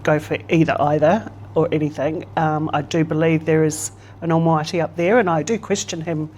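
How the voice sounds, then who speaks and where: Older lady, lowish voice, chatting easy in an interview, laughs a lot, bit of faint room noise. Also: steady tone, moderate pace, a little mellow. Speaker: interview guest. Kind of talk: casual conversation.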